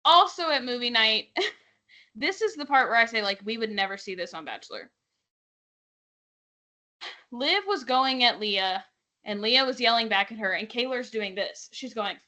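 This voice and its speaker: A young woman co-hosts a pop-culture podcast, running through reality TV gossip in loose, chatty asides. She sits a touch higher than most women and sounds sharp and bright, dropping "like" everywhere and jumping into other people's voices. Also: unhurried, long pauses. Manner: chatty, animated, full of "like" and quoted voices. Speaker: podcast co-host. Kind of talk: casual chat recapping reality TV.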